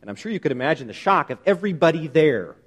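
A man preaching a sermon, emphatic and animated, often asking his listeners rhetorical questions. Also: on the high side, fast. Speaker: pastor.

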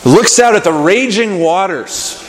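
A man's voice: high-pitched, lively intonation, a little slow. A man preaching a sermon, earnest and building to urgent questions, with fillers and restarts. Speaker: pastor. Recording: echoey hall reverb.

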